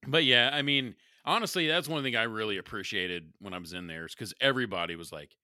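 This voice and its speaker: Crude man with a sharp, bright voice. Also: fairly low pitch, fast, few pauses, no echo, clean studio sound. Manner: crude, laughing, profane. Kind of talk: casual chat.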